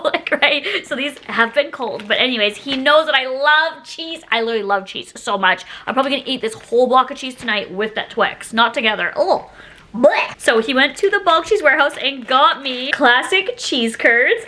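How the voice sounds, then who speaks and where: A woman's voice: a little high, lively intonation, brisk, bright, forceful tone. A woman in her thirties chatting in a casual haul vlog, bubbly and gushing. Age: 30s. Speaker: vlogger.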